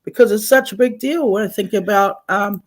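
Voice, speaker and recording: A woman's voice: mid-range voice, brisk. A woman from Taranaki with a New Zealand accent, hosting a live community radio chat and switching easily between Māori and English. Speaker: radio host.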